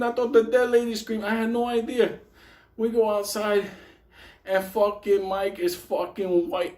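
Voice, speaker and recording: A man's voice: very high-pitched, darkish tone, echoey room. A man telling a wild story to a late-night audience, swearing nonstop and laughing through his own lines. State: sweating, worked up. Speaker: storyteller, stream host. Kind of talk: profane storytelling to a live audience.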